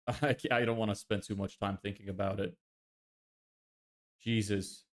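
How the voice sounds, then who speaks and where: A man's voice: lowish voice, flat delivery, normal speed. A young man casually chatting on a live stream, exasperated and swearing often as he answers viewers. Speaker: livestreamer.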